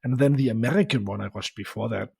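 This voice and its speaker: Husky, hesitant male podcast co-host. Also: on the low side, fast talker, a little mellow, dry recording. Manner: reactive, hesitant, trailing off with "I don't know". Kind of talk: casual podcast chat.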